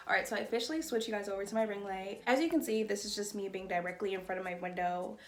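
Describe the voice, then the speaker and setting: A woman vlogging from her bedroom, chatting casually and excitedly while she unboxes and sets up a ring light, with lots of "like" and "y'all". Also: medium pitch, quick pace. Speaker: beauty vlogger. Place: bedroom at home. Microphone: phone or camera on a tripod.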